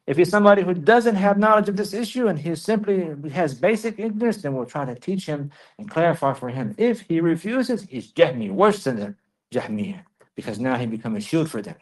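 Man teaching slowly, repeating points. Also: fairly high pitch, animated. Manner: reads Arabic passages quickly, then translates and explains slowly with repetition; checks on listeners with questions. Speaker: religious teacher. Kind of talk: classroom lecture explaining a text.

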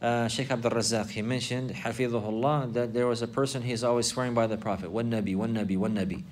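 A man's voice: medium pitch, steady tone, fast talker, darkish tone. Man teaching a religious lesson. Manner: repetitive, explanatory, emphatic. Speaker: Islamic teacher.

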